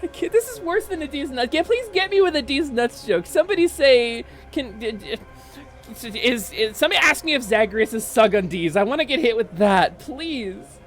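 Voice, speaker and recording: Woman streamer, casual gaming chat, very lively voice, faint music underneath. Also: a little high, moderate pace. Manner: animated, swings into loud mock outrage and laughter.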